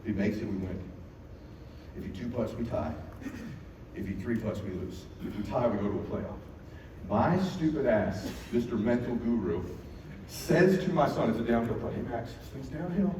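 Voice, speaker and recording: A man giving a motivational keynote, telling a story in an animated way, acting out quotes and bursting into shouts. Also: on the low side, normal speed. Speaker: keynote speaker. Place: large event hall. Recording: echoey hall, mic from far off, noisy.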